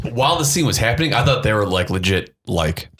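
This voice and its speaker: A man's voice: lowish voice, sing-song, fast talker, over a noisy crowd. A man co-hosting a podcast, chatting casually about a movie and adding dry wisecracks between laughs. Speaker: podcast co-host. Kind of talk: casual movie recap chat.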